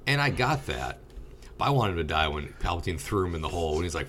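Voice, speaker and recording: Deep-voiced man in casual chat. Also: quick pace. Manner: rambling, animated, swears casually. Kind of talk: casual movie review chat.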